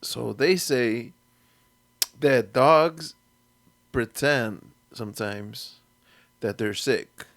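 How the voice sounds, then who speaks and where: A man's voice: medium pitch, extremely slow, creaky, pauses often, fairly bright tone. A man co-hosting a comedy podcast, telling rambling, profane stories and laughing often. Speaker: podcast co-host. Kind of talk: casual comedy podcast chat.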